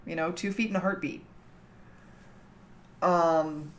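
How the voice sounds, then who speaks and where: Slow, low-voiced woman streamer chatting. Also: steady tone. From Canada. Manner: chatty, laughs often, teasing. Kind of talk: casual chat with a livestream chat. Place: at home.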